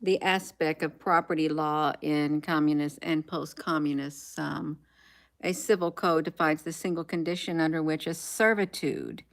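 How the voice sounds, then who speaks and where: The voice sits low, with fairly even intonation and a normal speed. It belongs to an American woman running a laid-back livestream, where she reads out headlines, muses to herself, and tails off with plenty of ums.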